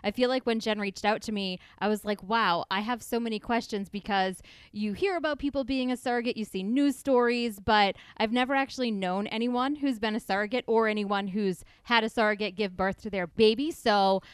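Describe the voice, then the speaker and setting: A woman's voice: mid-range voice, fairly quick, few pauses, clean tone, dry recording, clean studio sound. A woman hosting an interview, asking curious questions and reacting with encouragement. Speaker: interviewer host. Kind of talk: conversational interview.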